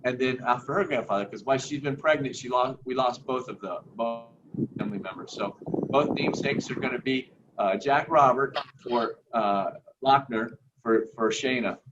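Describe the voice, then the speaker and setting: A man telling family stories in a lively, laughing way during a video call. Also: mid-range voice, moderate pace. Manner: lively storyteller, laughs often. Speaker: family member sharing memories. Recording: muffled, distant, noisy call audio.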